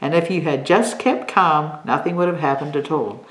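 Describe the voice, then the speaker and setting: A woman voicing a calm, patient mother in a lower, steady voice while reading a storybook aloud. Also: normal speed, lightly acted. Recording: echoey room.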